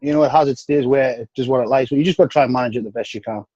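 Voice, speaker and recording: A man with a North East English accent, speaking frankly and easily as a guest on a podcast, often sinking into low, tired tones. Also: very fast, warm tone, no room sound. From North East England. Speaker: guest bodybuilder. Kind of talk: casual podcast interview. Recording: dry, dull lo-fi sound.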